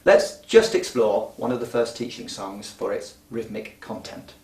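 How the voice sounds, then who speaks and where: A middle-aged man giving a patient, clear, step-by-step explanation as a music teacher trainer. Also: on the low side, expressive, measured pace, darkish tone. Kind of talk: instructional explanation. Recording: roomy sound from a distant mic.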